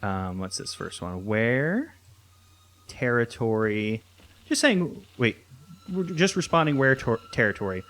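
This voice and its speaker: A young man chats casually over a game, thinking aloud in loose, rambling sentences full of restarts. He speaks at an unhurried pace, his voice sitting mid-range but swinging lively up and down. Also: mid-range voice. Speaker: let's play host. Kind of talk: casual gameplay commentary.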